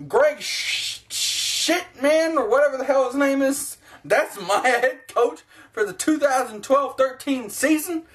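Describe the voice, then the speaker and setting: A man's voice: very high-pitched, animated, slow, fairly bright tone. A man ranting in a profane, self-mocking sports vlog, talking to his own camera at home. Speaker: sports vlogger.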